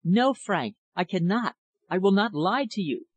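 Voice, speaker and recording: A man voicing an anguished young woman hiding a dark secret in a storybook reading, pleading and breaking into high cries. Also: animated, unhurried, husky, lo-fi sound, full character voice.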